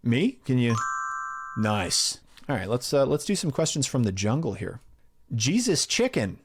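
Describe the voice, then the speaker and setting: Man, mid-pitched, casual and candid, viewer Q&A on a home studio mic, laughs easily. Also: normal speed. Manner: relaxed, candid, laughs easily and swears now and then. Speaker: YouTube narrator answering viewer questions. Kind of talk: casual chat. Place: sound-treated home room.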